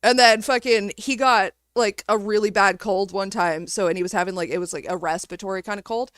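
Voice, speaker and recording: A woman's voice: mid-range voice, a little fast, fairly bright tone, no room sound. Blunt woman chatting, dry close sound. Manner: blunt, profane, laughing. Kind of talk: casual chat.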